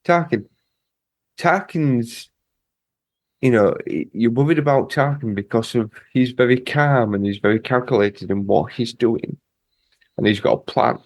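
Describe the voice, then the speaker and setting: A man's voice: mid-range voice, measured pace, dry recording. A man co-hosting a podcast, chatting casually and thinking aloud with hesitant phrasing. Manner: thoughtful, hesitant, builds ideas aloud. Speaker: podcast co-host. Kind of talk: casual chat.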